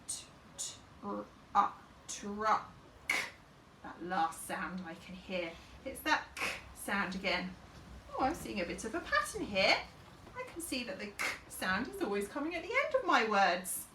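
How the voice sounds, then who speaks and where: A woman teacher takes young children through a phonics lesson, sounding out every phoneme and thinking aloud as she goes. Her voice is bright and very lively in pitch. It is captured from some distance in a roomy space with a faint hum behind it. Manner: slow and deliberate, sounding out each phoneme, talking herself through it. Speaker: infant school teacher.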